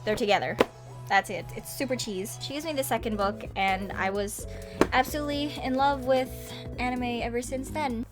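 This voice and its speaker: A young adult woman telling a story in casual vlog style into a webcam mic, chatty and animated, with frequent laughs and sighs. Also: on the high side, normal speed, over music. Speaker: vlogger. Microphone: webcam microphone.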